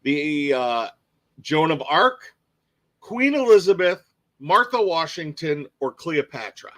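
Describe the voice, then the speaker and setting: A man with a slightly high voice co-hosts a podcast and reads out quiz questions. He sounds easygoing and chuckles along with his partner. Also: sing-song, slow, a bit bright. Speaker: podcast co-host, quizmaster. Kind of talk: casual podcast chat.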